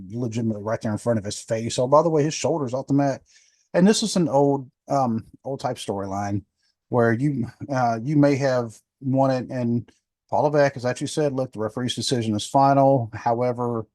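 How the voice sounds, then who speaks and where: A man's voice: medium pitch, darkish tone, dry recording. A man of fifty hosting a podcast, talking loosely in a rambling, chatty way, with many ums and restarts. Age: 50s. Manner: rambling, chatty, self-correcting with many fillers. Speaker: podcast host. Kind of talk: casual solo podcast review.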